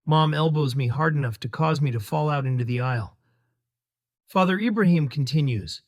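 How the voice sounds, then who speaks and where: A man's voice: on the high side, normal speed. A man narrating his own memoir audiobook in a wry, sardonic storytelling manner.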